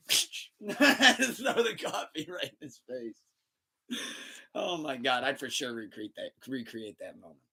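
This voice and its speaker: A man hosting a casual podcast, telling stories in an animated way, laughing often and swearing freely. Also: medium pitch, slow, vocal fry, long pauses, breathy edge. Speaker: podcast host.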